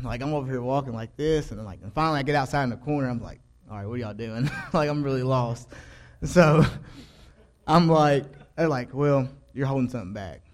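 A young man tells his faith testimony in a loose, conversational way. His voice sits at a middle pitch. He is earnest and slangy, and his sentences wander and often start over. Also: a little mellow. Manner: earnest, rambling, slangy, self-interrupting. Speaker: church youth giving testimony. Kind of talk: casual spoken testimony.

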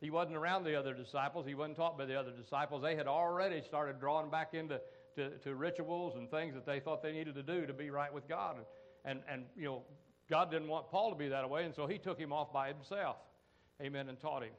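A middle-aged American man preaching in a folksy, conversational way. His voice sits a little higher than most men's. He keeps breaking up his points with "amen" and "come on" asides to the congregation. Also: brisk, dull audio. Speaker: pastor. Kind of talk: sermon.

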